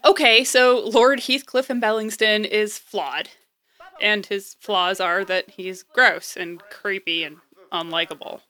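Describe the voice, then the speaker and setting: A woman's voice: medium pitch, steady tone, slow pace, bright, forceful tone. A woman voicing an earnest young would-be romance writer who talks eagerly and gets flustered under teasing. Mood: defensive. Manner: eager, flustered when teased. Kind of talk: audio drama acting.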